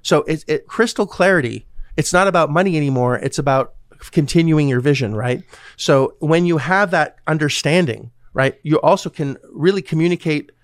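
Man, casual chat, blunt, swears, slightly higher pitch, dry sound. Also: normal speed, no echo. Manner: blunt, swears freely, acts out quoted voices. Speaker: podcast host, real estate investor.

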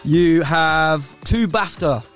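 A young man hosting a casual phone-in podcast, laid-back and chummy, backing his guest with quick agreements. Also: on the high side, fairly bright tone, soft background music. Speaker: host.

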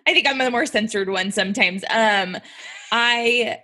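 A woman's voice: on the high side, a little slow, bright, forceful tone. A woman guest in an interview, speaking earnestly and emphatically about her experiences. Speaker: guest, military spouse. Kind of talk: interview conversation.

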